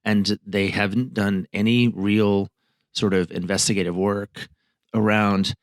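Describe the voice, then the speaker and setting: A man's voice: lowish voice, flat delivery, unhurried, dry recording, clean studio sound. A man, a marriage therapist co-hosting a podcast, chatting casually and reflectively with anecdotes. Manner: reflective, anecdotal, with frequent fillers. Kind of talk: casual conversational chat.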